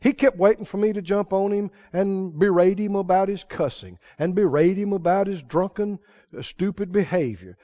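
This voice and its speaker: A man's voice: sits high, normal speed, dark tone. A man preaching a sermon, telling stories in a folksy way and building to emphatic exhortation. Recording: dull lo-fi sermon recording.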